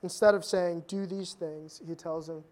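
A pastor preaching a sermon, telling stories in a conversational way with humorous asides and sudden drops from loud emphasis to quiet intensity. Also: medium pitch, steady tone, moderate pace.

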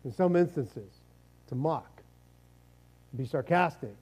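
A man's voice: on the high side, animated, slow, pauses often, warm tone, husky, rough recording. A man preaching a sermon, reading scripture and then explaining it in a casual, joking, conversational way with many asides. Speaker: pastor.

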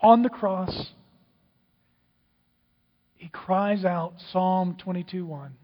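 Man, pastor, sermon, dramatic, drops to hushed whispers, muffled hall recording with long reverb. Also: high voice, very slow, long pauses.

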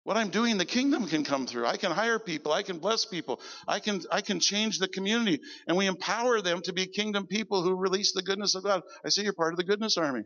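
A man preaching as pastor, telling stories in an animated sermon and quoting people in a lower voice. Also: quick pace, hardly any pauses, in a large hall, highs cut off. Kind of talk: sermon storytelling. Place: church service.

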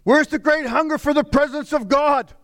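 A middle-aged man preaching a sermon as pastor, with impassioned delivery that swings from raised cries to low, weary murmurs. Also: steady tone, moderate pace, a bit bright.

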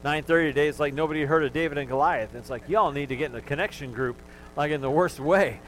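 A man's voice: on the high side, fast, fairly bright tone, a little hiss or hum, poor audio. A male pastor preaching a sermon, talking to the congregation in a conversational way and joking with them.

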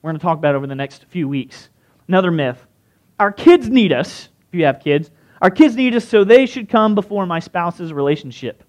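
A man with a fairly high voice delivers a sermon in a relaxed, conversational way. He often turns to his listeners with quick questions. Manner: conversational, asks the crowd questions. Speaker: pastor.

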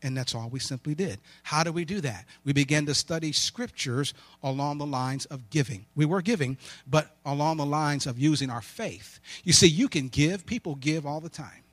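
A man's voice: on the high side, normal speed, few pauses, a bit bright, dry recording. Emphatic preaching man, dry close sound. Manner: emphatic call-and-response preaching; rhetorical questions answered himself. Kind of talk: sermon with storytelling.

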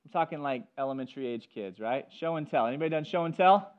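A man's voice: a little high, lively intonation, quick pace, narrow, tinny audio. A man preaching a sermon, telling stories and speaking directly to the congregation and its children. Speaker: pastor. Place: church service.

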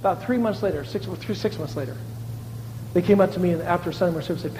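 A man preaching a sermon as a pastor, animated, moving between shouts and hushed asides and laughing often. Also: high voice, quick pace, in a large hall, background noise.

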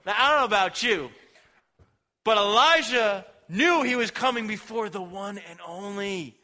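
Young male preacher, high bright voice, relaxed slangy sermon storytelling. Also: normal speed.

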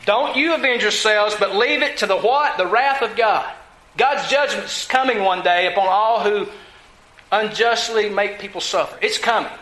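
A man's voice: high-pitched, moderate pace, sharp tone, reverberant, poor audio. A man preaching a sermon, emphatic, asking his listeners questions and answering them himself. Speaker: pastor.

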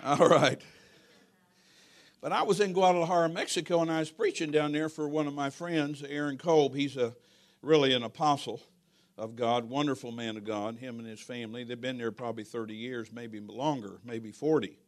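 A man preaching a sermon in a church, telling a story with jokes and swinging from hushed to loud. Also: mid-range voice, fairly even intonation, normal speed.

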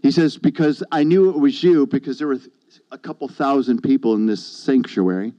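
A man's voice: medium pitch, normal speed, mellow, no room sound, dull audio. A man preaching a sermon, telling a personal testimony in a conversational storytelling way and acting out what others said to him. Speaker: pastor.

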